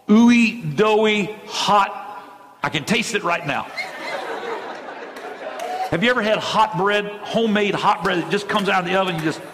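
Middle-aged man, pastor, fervent sermon, shifting pace, slightly high voice, long church reverb. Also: fairly bright tone. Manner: fervent preaching with sudden swings in pace. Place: church sanctuary.

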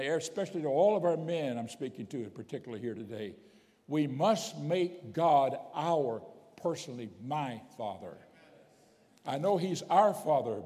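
A man's voice: fairly high pitch, warm tone. A man preaching a sermon as bishop, emphatic, repeating key phrases for weight. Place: church sanctuary. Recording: long church reverb.

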